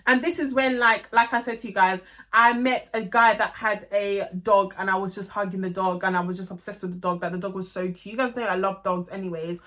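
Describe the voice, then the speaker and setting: A young woman with a London accent tells a storytime tale in a casual vlog. She is blunt, swears freely and tells it with animated energy. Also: medium pitch, fairly quick. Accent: London English. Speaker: vlogger.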